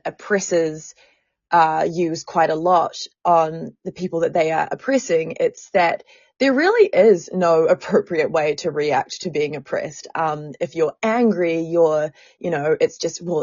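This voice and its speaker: Woman podcast host telling her story, blunt and animated, swears a lot, dull dry recording. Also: sits low, dry recording. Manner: frank, animated, swears freely. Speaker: podcast host and sex worker activist.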